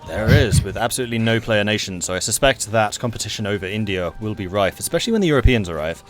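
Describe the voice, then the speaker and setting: A man's voice: on the low side, lively intonation, fast, soft background music. A man hosting and commentating a multiplayer strategy game stream in a chatty, enthusiastic way. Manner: chatty, enthusiastic, laughs easily. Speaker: game match commentator and host.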